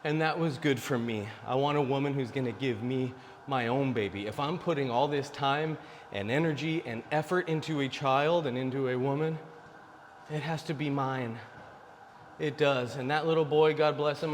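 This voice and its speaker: A man's voice: medium pitch, slight background noise. Blunt man in his forties, reverberant. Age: 40s. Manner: blunt, preachy, addresses viewers as guys. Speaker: dating advice vlogger. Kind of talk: casual direct-to-camera monologue.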